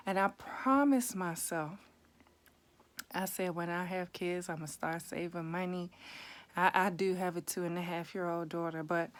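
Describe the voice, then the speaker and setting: Woman, thirties, slow delivery, conversational personal story, candid. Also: lowish voice. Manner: candid, conversational, bursts of raised intensity. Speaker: vlogger telling her story.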